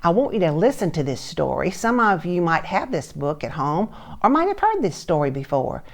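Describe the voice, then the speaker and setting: Older storyteller woman, retired teacher type; gentle picture-book reading, low gravelly voice. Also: very animated, moderate pace. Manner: gentle, asks listeners soft questions.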